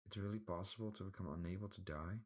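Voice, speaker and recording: A man's voice: sits low, fast, a little mellow, voice pushed up. A man voicing a worried thirteen-year-old boy asking anxious questions, in a storybook reading.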